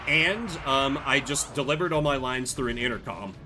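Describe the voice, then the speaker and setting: Bright-voiced young man chatting over gameplay. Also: medium pitch, normal speed, soft background music. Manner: chatty, rambling storytelling with many fillers. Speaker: streamer. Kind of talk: casual gameplay commentary.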